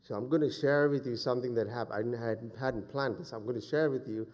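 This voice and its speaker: A man in his forties preaching a sermon as a pastor, moving between loud fervent exhortation and quiet personal storytelling. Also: mid-range voice, steady tone, brisk. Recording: long hall reverb.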